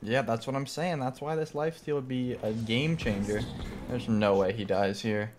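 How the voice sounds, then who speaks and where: A man's voice: mid-range voice, moderate pace. A man co-casting a video game match, breaking down plays in a matter-of-fact way. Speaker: co-caster. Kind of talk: casual game commentary. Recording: background noise.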